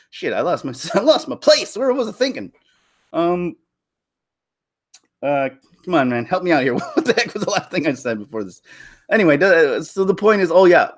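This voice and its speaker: A man giving casual, rambling commentary on films, often losing his thread, laughing, and mimicking characters. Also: medium pitch. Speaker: YouTuber.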